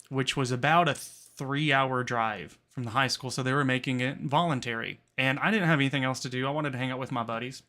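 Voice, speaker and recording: A man's voice: mid-range voice, pushed and bright. A young man co-hosting a livestreamed podcast, talking in a laid-back way and swearing often. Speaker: podcast co-host. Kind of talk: casual chat, livestream.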